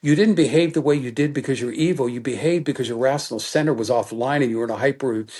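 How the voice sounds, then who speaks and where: A middle-aged man as a guest expert in an interview, explaining in an animated teaching manner and acting out quoted thoughts. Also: medium pitch, fast, breathy edge.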